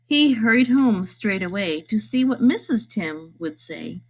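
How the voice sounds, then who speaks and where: A woman reading a rhyming picture book aloud, in a lively sing-song way. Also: mid-range voice, measured pace, hardly any pauses. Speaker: storybook reader.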